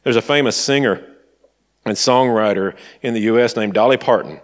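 A man from Tennessee preaching a conversational sermon and telling stories, sometimes dropping to soft asides. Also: fairly low pitch, moderate pace.

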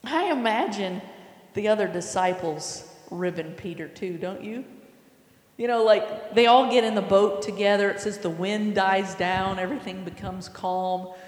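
Woman giving a sermon, unhurried storytelling, long reverb in a big hall. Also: mid-range voice. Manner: storytelling, imaginative, asks the listeners questions. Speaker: preacher.

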